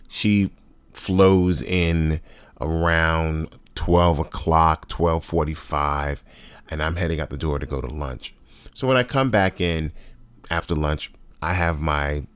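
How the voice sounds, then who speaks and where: Deep-voiced man in his sixties telling a story. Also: no room sound. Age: 60s. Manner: conversational, emphatic, wry and blunt. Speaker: storyteller host. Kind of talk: personal storytelling monologue.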